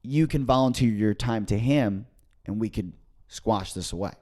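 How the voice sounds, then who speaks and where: Telling a story on a laid-back podcast he co-hosts, a young man speaks at a moderate pace and brings the quotes to life with lively, leaping pitch.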